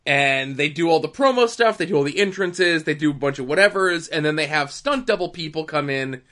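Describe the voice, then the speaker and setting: A man's voice: on the high side, fairly quick. A man telling wrestling backstage stories in casual podcast chat, with sly asides. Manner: animated storyteller, sly asides.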